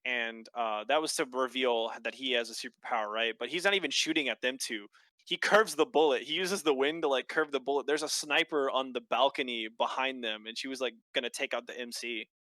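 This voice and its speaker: A man's voice: mid-range voice, no echo. A man co-hosting a podcast, casually recapping a show with lots of fillers and swearing. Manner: animated, quick storytelling with lots of fillers and swearing. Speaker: podcast co-host. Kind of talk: casual chat.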